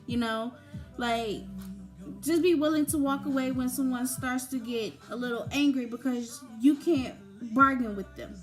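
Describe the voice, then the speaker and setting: Woman, young adult, high voice, slow delivery, faint music behind. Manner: slow, conversational advice with many fillers. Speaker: grief talk presenter. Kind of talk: informal talk on grief.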